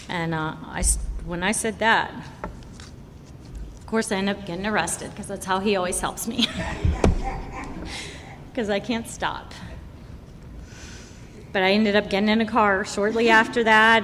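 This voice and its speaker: A woman's voice: fairly even intonation, moderate pace, a bit bright. A woman sharing her recovery story at a meeting, telling it candidly and acting out the voices of the people in it. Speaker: recovery speaker. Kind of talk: personal recovery share at a meeting. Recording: hall reverb, faint rumble.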